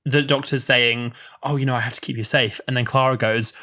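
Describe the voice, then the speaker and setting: A man's voice: mid-range voice, fairly even intonation, a little fast, pushed and bright. A man in his twenties co-hosting a podcast, chatting casually and gushing with fan enthusiasm. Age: 20s. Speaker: podcast co-host. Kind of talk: casual chat.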